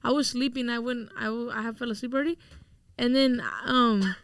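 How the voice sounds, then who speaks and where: High-voiced young daughter telling a story. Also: female voice, fairly even intonation, fairly quick. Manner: blunt, swearing, laughing. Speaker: daughter retelling a family story. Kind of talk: casual storytelling chat.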